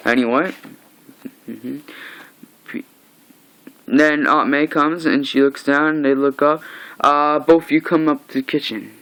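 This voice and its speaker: A man's voice: fairly high pitch, steady tone, a little slow, pauses often, a bit bright, low-quality recording. A young man recapping a comic book issue in a casual vlog, rambling and restarting as he retells scenes. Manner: rambling, loose retelling with many restarts and "he's like".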